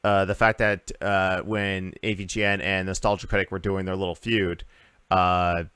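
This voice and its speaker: A man's voice: deep voice, level tone, normal speed, a bit bright, clear, resonant tone, dry recording. A man hosting a casual gaming podcast, rambling through news with lots of uhs and restarts. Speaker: podcast host.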